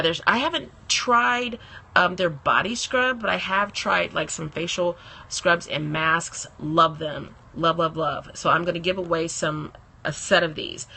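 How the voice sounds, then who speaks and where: Woman chatting on a phone live stream, bright gravelly voice, a bit raspy, laughs a lot. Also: sits low. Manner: chatty, laughs often, greets viewers by name. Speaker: beauty blogger hosting a live stream. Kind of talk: casual live-stream chat.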